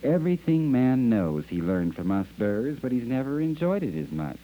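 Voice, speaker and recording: A man's voice: mid-range voice, sing-song, normal speed, slight background noise, pitched above the performer's own voice, natural voice. A man voicing a chorus of wild birds, imitating quacks, hoots and chirps. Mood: cheerful. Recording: dull lo-fi archive recording.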